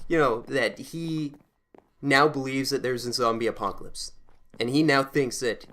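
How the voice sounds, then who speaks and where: A young Canadian man telling an animated, excitable story while playing a game, with frequent restarts and loud bursts. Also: medium pitch, a little slow. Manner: animated, excitable, acts out quotes loudly. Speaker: gameplay commentator. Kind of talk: casual storytelling over gameplay.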